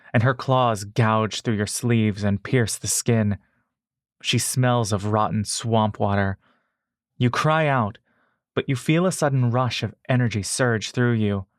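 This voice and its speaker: A man narrating a fantasy adventure story in the second person, in a measured, steady way. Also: on the low side, no room sound, clean studio sound.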